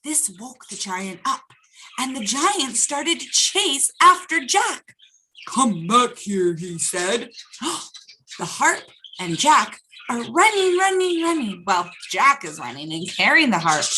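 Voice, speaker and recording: Woman, children's storytime host, reads aloud slowly, bright voice, faint hiss. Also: on the high side, poor audio. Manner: animated, asks the children questions. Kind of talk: reading a picture book aloud to children.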